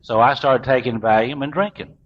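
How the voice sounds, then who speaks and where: Speaking fairly quickly in a medium-pitched voice, a middle-aged Southern man shares his recovery journey with a meeting in a homespun, self-deprecating way. The audio is muffled and low-fidelity, with a faint hiss from the room.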